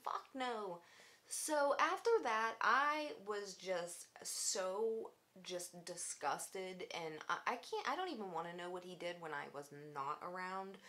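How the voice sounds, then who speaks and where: A woman's voice: lowish voice, lively intonation, slow pace, bright, forceful tone. A woman in her twenties telling a story in a casual vlog, blunt and sarcastic, swearing freely. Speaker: vlogger.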